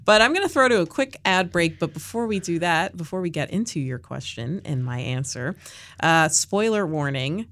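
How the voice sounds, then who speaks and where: A woman hosting a podcast in casual chat, animated and leading the segment, with frequent fillers. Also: fairly low pitch, normal speed, no room sound. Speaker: podcast host.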